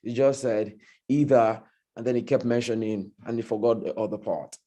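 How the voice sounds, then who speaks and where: A Nigerian man giving a measured, corrective language evaluation at a speaking club meeting. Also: mid-range voice, fairly even intonation, dark tone. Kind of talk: meeting feedback report.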